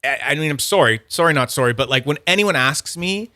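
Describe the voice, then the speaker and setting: Bright rambling young man hosting. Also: on the high side, lively intonation, brisk, dry recording, clean studio sound. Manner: rambling, self-interrupting, laughs often. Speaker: podcast host. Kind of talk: casual livestream chat.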